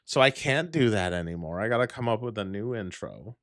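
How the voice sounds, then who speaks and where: A man's voice: on the low side, animated, brisk, a bit bright, dry recording, clean studio sound. A man hosting a casual livestream, talking in a rambling, heavily profane way and laughing often. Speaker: livestream host.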